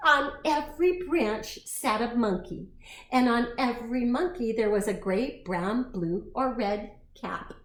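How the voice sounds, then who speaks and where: Teacher lady reading a kids book, bouncy high voice, takes it slow. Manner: expressive, slow, animated reading with gasps and asides. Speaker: preschool teacher storyteller. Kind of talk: read-aloud storytime for children. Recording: echoey room, faint noise.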